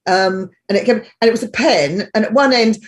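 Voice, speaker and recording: A woman's voice: medium pitch, normal speed. Chatty woman hosting a video-call show. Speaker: show host. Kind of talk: casual chat on a video call. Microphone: webcam mic on a video call.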